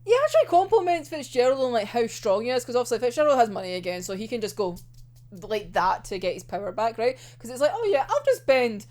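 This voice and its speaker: A woman's voice: on the high side, expressive, quick pace, a little mellow, faint music behind. A woman recapping an anime episode in casual talk, laughing often, swearing freely and acting out the characters' lines.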